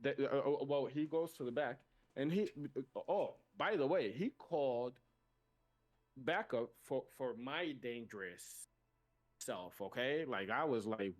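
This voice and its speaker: A man's voice: medium pitch, unhurried. Man with an accent telling a story. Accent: non-native accent. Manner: animated retelling, acting out both sides of a conversation. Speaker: podcast co-host. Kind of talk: casual storytelling.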